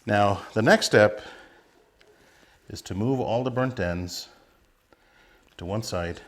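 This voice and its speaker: Man, middle-aged, lowish voice, casual barbecue vlog host, relaxed and chatty. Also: slow pace. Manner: relaxed, chatty, talks while tasting food. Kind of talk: casual cooking demonstration.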